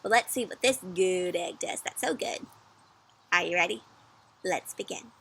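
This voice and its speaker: Bright, teacherly woman reading to kids. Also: lowish voice, moderate pace, gravelly, breathy edge. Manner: warm teacherly, asks children questions. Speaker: children's story reader. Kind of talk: interactive read-aloud for kids.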